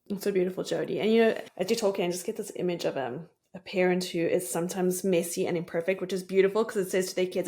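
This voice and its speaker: A woman hosting a parenting interview, speaking calmly and reflectively in a soft voice. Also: on the low side, fast, hardly any pauses. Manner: calm, soft-spoken, reflective. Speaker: podcast host. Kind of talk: warm reflective interview talk.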